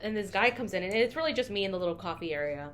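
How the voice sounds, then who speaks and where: A woman's voice: mid-range voice, expressive, very fast, fairly bright tone, a little hiss or hum. A young woman co-hosting a podcast, telling candid stories in casual chat and swearing freely. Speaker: podcast co-host.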